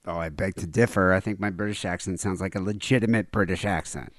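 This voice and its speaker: A man's voice: sits low, steady tone, fast talker, no room sound, clean studio sound. A middle-aged man co-hosting a comedy podcast, jokey and playful. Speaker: podcast co-host. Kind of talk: casual comedic chat.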